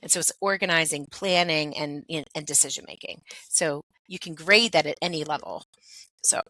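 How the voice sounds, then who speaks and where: Bright-voiced woman explaining at length. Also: low voice, normal speed, no echo, poor audio. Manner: explanatory, peppers speech with "like" and "right?". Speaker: pediatric occupational therapist, guest. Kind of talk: conversational interview.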